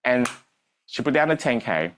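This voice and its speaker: A man's voice: mid-range voice, sing-song, moderate pace, fairly bright tone, slight background noise. A man, a business coach telling a story on stage to a live audience and acting out the dialogue.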